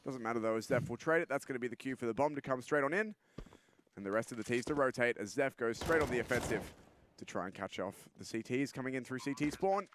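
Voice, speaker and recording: A man giving brisk, steady play-by-play commentary on a live esports match. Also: mid-range voice, a little hiss or hum. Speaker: esports caster.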